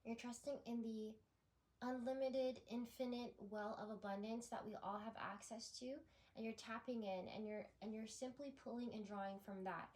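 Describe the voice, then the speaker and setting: A woman's voice: a little high, steady tone, moderate pace, darkish tone. A woman doing a spiritual tarot reading, talking in a rambling, effusive way with frequent restarts. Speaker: tarot reader.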